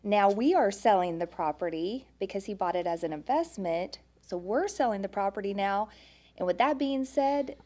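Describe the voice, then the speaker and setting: A woman's voice: medium pitch, animated, moderate pace, a little mellow. A woman from Arkansas with a Texan accent, chatting animatedly as a real estate guest. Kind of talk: casual chat.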